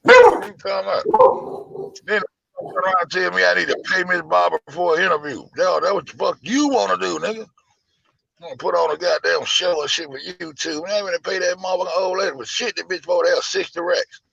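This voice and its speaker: A man with a gravelly, bright voice rants in a profane, animated, incredulous way as a show host. The sound is dry and close, a little dull and lo-fi. He talks casually, stretching out his disbelief. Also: high-pitched, brisk, no room sound. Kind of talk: casual livestream rant.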